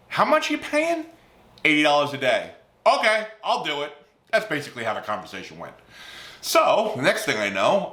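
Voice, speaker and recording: A man in his fifties from New Jersey, hosting a casual storytelling vlog in an animated, enthusiastic way with many fillers. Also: medium pitch. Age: 50s. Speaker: host. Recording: roomy echo.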